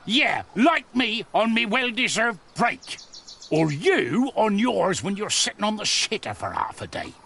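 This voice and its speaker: A man's voice: sits high, sing-song, unhurried, gravelly, bright, forceful tone, a little hiss or hum, full character voice. An actor playing a lazy, cheeky male builder in a game, mocking and bickering. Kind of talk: game voice acting.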